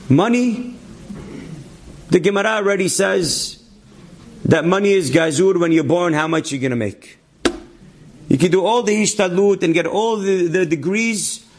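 A man giving a sermon as a story, acting out the people he quotes and mixing Hebrew words into his English. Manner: animated storyteller, acts out quotes with rising pitch, Hebrew terms sprinkled in. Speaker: rabbi telling a story.

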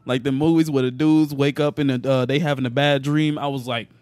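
Young guy hosting a podcast, animated slangy storytelling, mid voice. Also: mid-range voice, brisk, no echo. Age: young adult. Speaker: podcast host. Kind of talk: casual podcast chat.

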